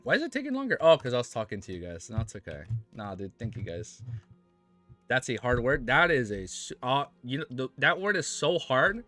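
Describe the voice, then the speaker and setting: A man's voice: mid-range voice, big pitch swings, brisk, fairly bright tone, no room sound, faint music behind. An American man chatting casually with his live-stream viewers, joking around and laughing often. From United States. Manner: joking, laughs often, mock-French phrases.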